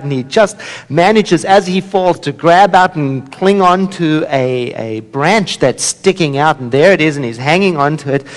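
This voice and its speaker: A man giving a sermon as a minister, telling a story with humor and acting out its voices. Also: on the high side. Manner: storytelling, warm humor, acts out voices in a joke. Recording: long reverb of a hall.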